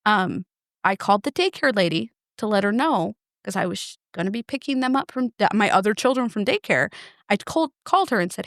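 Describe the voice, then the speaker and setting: Animated mom telling a story. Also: female voice, mid-range voice, a little fast, gravelly, dry recording, clean studio sound. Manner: animated, acts out quoted voices. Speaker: podcast co-host. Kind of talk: casual storytelling chat.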